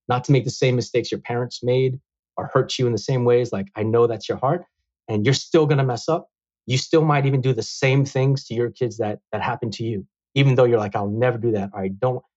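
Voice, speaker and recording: A man in his thirties speaks as a guest in a casual interview. He talks in an earnest, reflective way, with plenty of fillers. His voice is a little husky, and the recording sounds slightly dull. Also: medium pitch, darkish tone.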